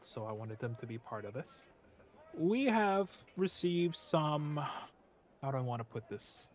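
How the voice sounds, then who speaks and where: A man voicing a female guild leader in his own voice, briefing a party in a measured way. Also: mid-range voice, a bit bright, close to an everyday voice.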